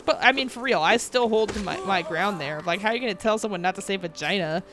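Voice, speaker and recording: A woman in her thirties chats loosely with her viewers during a game stream, reading their comments aloud and laughing through her stories. Her pitch sits in a middle range, and soft game music plays faintly behind her. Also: fast. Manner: chatty and laughing, reads viewer comments aloud and answers them. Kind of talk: casual live-stream chat.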